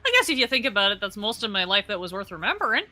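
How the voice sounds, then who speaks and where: A woman's voice: mid-range voice, big pitch swings, very fast, bright, forceful tone. A woman voicing a chatty young female telegraph clerk who talks in a folksy way. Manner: folksy and talkative, says "don't you know".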